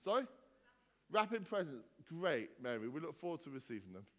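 A man's voice: fairly high pitch, sing-song, brisk, fairly bright tone. Vicar guy teasing his congregation, voice jumps all over, echoey church hall. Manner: jokey, teasing, bouncy questions to the crowd. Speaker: vicar leading a church gathering. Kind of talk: playful banter with the congregation.

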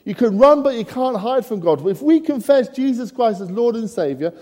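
A man's voice: extremely high pitch, animated, normal speed, warm tone. A man preaching a sermon in a church, mixing humorous asides with rhetorical questions to the congregation. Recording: long church reverb.

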